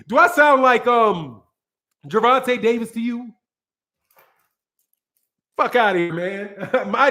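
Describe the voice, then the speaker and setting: A Midwestern American man hosting a casual livestream, his speaking voice sitting high for a man. He talks in an animated, profane way and answers viewers' chat as he goes. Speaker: host.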